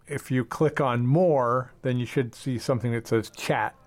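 A man's voice: medium pitch, normal speed. A man hosting a radio show, easygoing and dry as he chats and wraps up. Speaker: radio host. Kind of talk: casual chat and host links.

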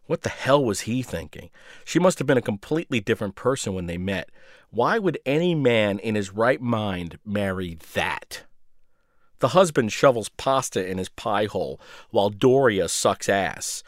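A man's voice: on the low side, animated, moderate pace, no room sound, clean studio sound. A man narrating a first-person story in a sardonic, biting way.

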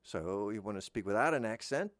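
A man's voice: lowish voice, expressive, a little fast, no room sound. Brief: middle-aged man hosting his own show, chatty and rambling, dry close sound. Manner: rambling, with frequent restarts and asides. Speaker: host. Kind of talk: casual monologue.

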